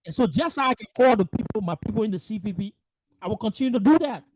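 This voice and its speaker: A furious political host speaking on a livestream, voice pitched in an ordinary middle range. The delivery is emphatic and profane, full of repeated rhetorical questions. The sound is close and dry, with no room around it. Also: animated, fast talker, a little mellow, no room sound, low-quality recording. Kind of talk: angry political monologue. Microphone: livestream microphone.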